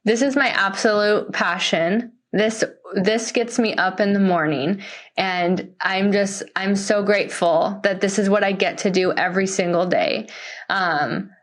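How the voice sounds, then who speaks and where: A woman's voice: mid-range voice, measured pace. A young woman, a life coach, speaking in an earnest and heartfelt way in an interview, often restarting her sentences. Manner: animated and heartfelt, with many restarts. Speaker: life coach and podcast guest.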